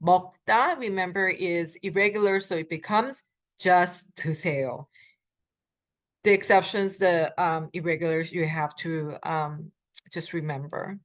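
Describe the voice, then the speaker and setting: The voice belongs to a middle-aged woman lecturing on language as the instructor in a recording, fairly low in pitch. She takes her time explaining, with plenty of pauses and ums.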